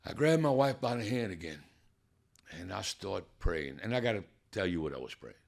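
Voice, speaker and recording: A man's voice: deep voice, big pitch swings, normal speed, gravelly. A man telling a personal story with drama, building suspense and acting out the people in it. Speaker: guest telling his testimony.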